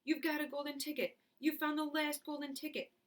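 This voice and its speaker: Woman doing a fat, excitable shopkeeper. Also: mid-range voice, moderate pace, close to an everyday voice. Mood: shrieking excitement. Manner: shouting, breathless excitement when thrilled.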